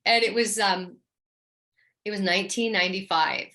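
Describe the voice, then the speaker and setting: A middle-aged woman telling her story as an interview guest, chatty and animated. Her voice is bright and forward, with a medium pitch for a woman. She slips into acted-out quotes as she goes. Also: moderate pace. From New Orleans. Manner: chatty and animated, acts out quoted lines with a higher voice. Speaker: guest, UFO experiencer and actress.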